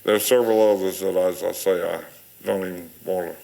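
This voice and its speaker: An older man telling rambling stories, chuckling and pausing with fillers as a panel guest. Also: low voice, steady tone, creaky, heavy background noise. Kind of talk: casual storytelling.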